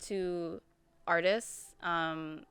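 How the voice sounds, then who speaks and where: A woman's voice: lowish voice, steady tone, drawn-out words, fairly bright tone, clean tone, no room sound. A woman from Canada, a marketing company head, chatting casually on a podcast, laughing often.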